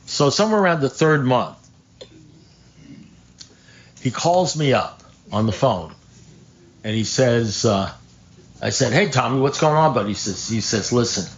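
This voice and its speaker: Older man telling a lively recovery story. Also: medium pitch, a little slow, pauses often, highs cut off. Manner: animated storyteller, acts out phone calls, swears, laughs at his own punchlines. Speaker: AA speaker. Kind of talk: storytelling share at a recovery meeting. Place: meeting room.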